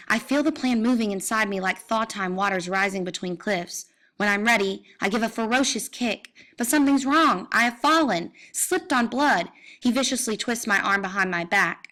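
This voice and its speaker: A woman's voice: mid-range voice, a bit bright. A woman giving an intense, dramatic reading of a novel in the first person, rising into cries at the violent moments. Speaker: reader.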